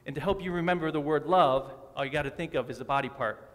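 Male preacher, 30s, light teasing banter with the pews, slightly high voice, long church reverb. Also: fast, fairly bright tone. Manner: friendly, joking with the congregation. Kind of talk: sermon. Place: church sanctuary.

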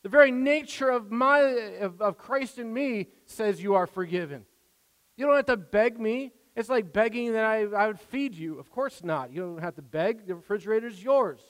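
A man's voice: high voice, animated, moderate pace, fairly bright tone. A man preaching a sermon in an earnest, conversational way, stopping and restarting, acting out quoted prayers. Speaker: pastor. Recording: long hall reverb.

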